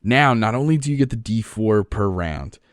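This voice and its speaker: A man's voice: fairly low pitch, animated, moderate pace, no room sound, clean studio sound. Enthusiastic man with a New Jersey accent. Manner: enthusiastic, swears casually. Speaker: podcast co-host. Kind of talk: casual explanatory chat.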